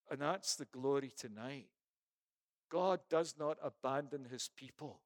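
A man preaching a sermon with fervent intensity, swinging from loud appeals to hushed reflection and stumbling now and then over verse numbers. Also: a little high, unhurried, no echo, studio quality.

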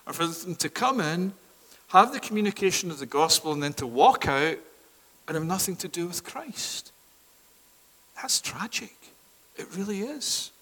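Man, preacher, sermon, high voice, swings from loud to hushed, reverberant church hall. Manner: swings from loud proclamation to hushed near-whispers. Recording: long reverb of a large hall.

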